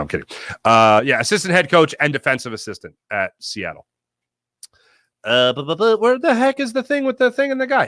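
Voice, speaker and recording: A man hosts a loose sports talk stream, working through viewer comments with rambling, jokey asides and quick self-corrections. His voice sits a little higher than most men's. The sound is dry and close, with no room around it. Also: pushed and bright, dry recording. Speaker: sports talk show host. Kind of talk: casual live-stream chat reading viewer comments.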